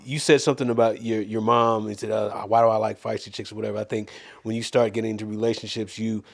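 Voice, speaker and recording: A man's voice: on the low side, level tone, fast, gravelly. Thoughtful man musing in casual chat. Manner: reflective, explains with homespun comparisons, many restarts. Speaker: comedian and show regular. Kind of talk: casual green-room chat.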